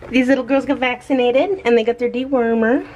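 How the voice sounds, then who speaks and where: A young American woman vlogging casually about rescue puppies, chatty, sometimes breaking into high baby talk for the dogs. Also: steady tone, fairly quick, darkish tone, highs cut off, slight background noise. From United States. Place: animal shelter, outdoors.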